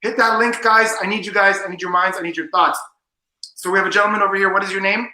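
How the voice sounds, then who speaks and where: A man's voice: high-pitched, fairly even intonation, fast talker, bright, forceful tone, roomy sound, rough recording. A man performing as a mentalist, showy and teasing, talking straight to the audience. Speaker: mentalist guest. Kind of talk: magic performance patter.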